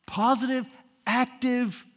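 A man's voice: very high voice, fairly bright tone, big-room sound. A man preaching a sermon as pastor, emphatic and full of rhetorical questions and repetition.

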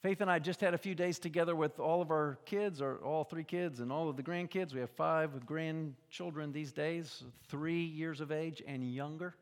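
Older guy preaching, high-ish voice, goes from hushed to shouting, big echoey hall. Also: normal speed, few pauses. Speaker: pastor. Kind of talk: sermon.

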